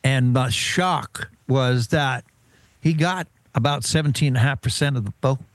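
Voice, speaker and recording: A man hosting a political interview, speaking in a measured way with frequent ums and uhs. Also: medium pitch, dry recording. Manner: measured, with many hesitant fillers. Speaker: show host.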